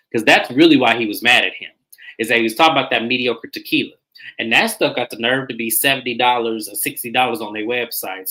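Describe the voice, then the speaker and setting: A man's voice: medium pitch, sharp tone, low-quality recording. A man hosting a casual live-stream recap of a reality show, chatty and colloquial, greeting viewers by name.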